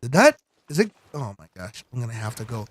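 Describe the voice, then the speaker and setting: A man's voice: mid-range voice, sing-song, brisk, husky, no room sound. A man chatting casually while playing a game, rambling with lots of fillers and giggling. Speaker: gaming streamer. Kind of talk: casual gameplay chat.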